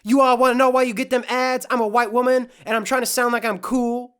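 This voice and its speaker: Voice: medium pitch, flat delivery, brisk, fairly bright tone, clear, resonant tone, pitched above the performer's own voice, lightly acted. A podcast host putting on a mocking impression of a try-hard southern woman with an exaggerated Southern US twang. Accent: put-on Southern US twang. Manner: exaggerated drawl, repeating y'all.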